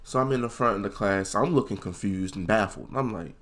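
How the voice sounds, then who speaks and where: Young dude doing a storytime, cussing a lot, super animated, goes way high when he quotes ppl. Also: fairly quick. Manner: slangy, profane. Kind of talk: casual comedic storytime.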